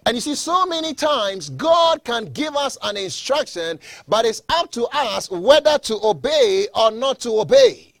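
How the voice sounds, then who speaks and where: A man's voice: very high voice, very animated, a little slow, gravelly, few pauses, fairly bright tone, dry recording. A male pastor reading scripture aloud and then preaching a sermon with emphatic repetition.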